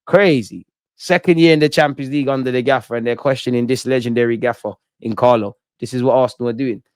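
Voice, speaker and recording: A young man hosting a casual football fan commentary show, talking in a blunt, excitable way full of slang. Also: medium pitch, fast, clean tone, no room sound, studio quality. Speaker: football channel host.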